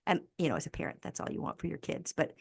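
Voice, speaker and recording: A woman in her fifties with an American accent, a podcast guest telling personal stories in an earnest, animated way. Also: racing, no echo, studio quality. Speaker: podcast guest, resilience speaker. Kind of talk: conversational interview storytelling.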